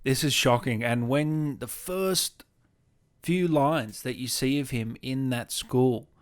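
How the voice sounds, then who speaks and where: A man's voice: medium pitch, slow pace, clean tone. Blunt, scornful male podcast co-host. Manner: blunt, scornful, laughs often. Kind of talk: casual film review chat.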